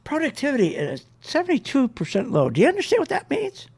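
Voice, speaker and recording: A man's voice: very high-pitched, huge pitch swings, fast, vocal fry, darkish tone. A man hosting a radio show, delivering sarcastic, ranting market commentary. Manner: ranting, sarcastic, mocks others in put-on voices.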